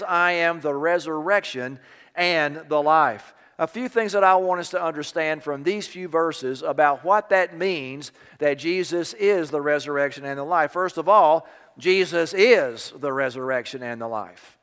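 A man preaching a sermon, easing from a quiet personal story into emphatic preaching. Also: a little high, unhurried, clear, resonant tone, big-room sound. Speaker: pastor.

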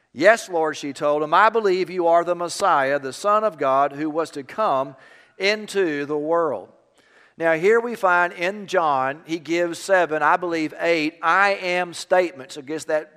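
A man's voice: on the high side, fairly bright tone, clean tone. Preaching man in a reverberant church. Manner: storytelling, rising to emphatic preaching. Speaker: pastor. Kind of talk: sermon.

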